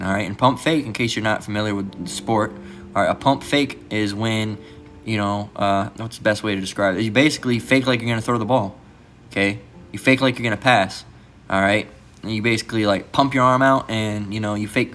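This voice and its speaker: Male host, low register, casual rambling commentary, heavy on fillers, guitar music bed under the voice. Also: fairly bright tone. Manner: rambling, fills with "all right" and "you know"; mimics others in a raised mocking voice. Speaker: channel host. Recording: music playing behind the voice.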